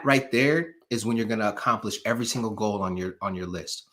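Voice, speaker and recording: A man's voice: on the low side, a little fast, few pauses, pushed and bright. A man hosting a live stream, giving a motivational pep talk to his viewers with emphatic, preacher-like repetition and a casual way of speaking to them directly. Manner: casual, talks straight to the audience.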